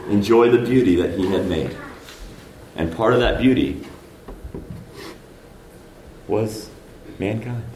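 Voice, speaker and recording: A man preaching a sermon, moving between loud emphatic peaks and hushed low lines and asking the congregation rhetorical questions. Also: very echoey, slight background noise, low-quality recording.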